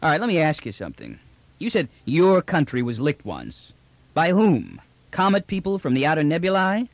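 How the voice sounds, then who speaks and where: A man narrator voices a bulky, brash space trader who talks bluntly in casual slang, pushing hard and then dropping low and conspiratorial. His delivery swings widely in pitch with a gravelly edge. The recording is dry and close. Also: huge pitch swings, moderate pace, no echo, exaggerated voice. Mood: pushy. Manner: blunt, wheedling street talk.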